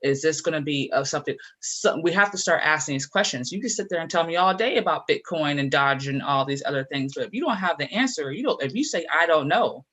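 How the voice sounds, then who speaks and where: A man co-hosting a casual talk show, animated and repetitive as he urges listeners to act. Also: on the high side, fast talker, hardly any pauses. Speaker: podcast co-host. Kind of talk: casual chat.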